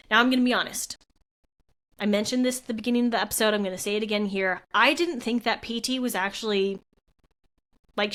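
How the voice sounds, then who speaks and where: A woman's voice: fairly high pitch, fairly bright tone. A young adult woman, a physical therapist, hosting a solo podcast in an earnest, heartfelt, conversational way with frequent fillers. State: tearful at moments.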